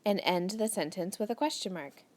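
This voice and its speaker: In a recorded grammar lesson for children, a woman teacher with a slightly mellow, mid-range voice talks at a moderate pace. She patiently guides young students through a worksheet, reading every sentence aloud and explaining each step.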